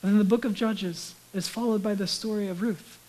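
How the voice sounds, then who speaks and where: A man giving a sermon as a pastor, talking conversationally and dropping to a hushed whisper for emphasis. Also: high voice, steady tone, fairly quick, rough recording.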